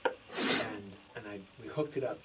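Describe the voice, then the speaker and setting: A man's voice: on the low side, measured pace, distant mic, heavy background noise. A man in his sixties, a voice actor in a making-of interview, telling anecdotes animatedly and acting out the lines he quotes. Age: 60s. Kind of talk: casual interview storytelling.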